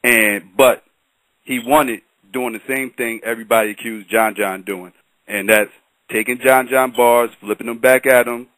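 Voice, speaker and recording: A man giving measured opinions in a casual panel chat, often hedging with "in my opinion.". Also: medium pitch, steady tone, a bit bright, no echo, poor audio. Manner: measured, repeats "in my personal opinion". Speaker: battle rap commentator.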